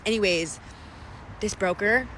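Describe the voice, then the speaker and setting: A woman's voice: mid-range voice, unhurried, fairly bright tone, slight background noise. A young woman from Canada, telling a story in a casual vlog and ranting with exasperated, profane frustration.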